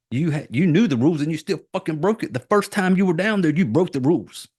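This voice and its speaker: A man hosting a horror film podcast, retelling the plot in a rambling, profane, animated way. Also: a little fast, breathy edge. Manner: rambling, profane, animated retelling with sudden high-pitched jumps. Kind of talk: casual podcast chat.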